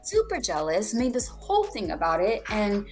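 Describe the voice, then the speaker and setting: A woman's voice: mid-range voice, wildly swooping pitch, normal speed, a little mellow, soft background music. A young woman co-hosting a podcast, casually telling a personal story, swearing freely and acting out what people said. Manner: candid, swears freely, acts out quoted dialogue. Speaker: podcast co-host.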